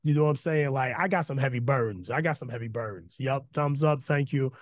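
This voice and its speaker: A man preaching in a casual, energetic style to an online chat, breaking off into slangy asides and building to emphatic repetition. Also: medium pitch, fairly quick, no echo. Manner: conversational slang, self-interrupting asides. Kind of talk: online sermon with chat interaction. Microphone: close mic, video call.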